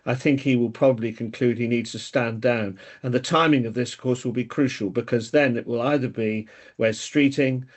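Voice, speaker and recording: Man, political commentator, medium pitch, opinionated, expansive. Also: steady tone, moderate pace. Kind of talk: casual political chat.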